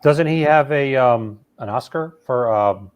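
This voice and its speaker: A man in a casual chat, relaxed as he reads out viewer comments and shares trivia. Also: mid-range voice, measured pace, smooth, dull audio.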